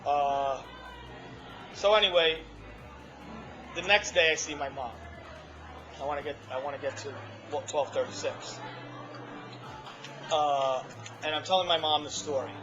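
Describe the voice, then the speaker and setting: A man with a slightly high voice speaks a little slowly, with long pauses, telling his own story in casual conversation at a restaurant. He rambles, restarts often, and gets emotional as he retells things. The dull lo-fi recording carries crowd noise, a noisy background, and music behind him.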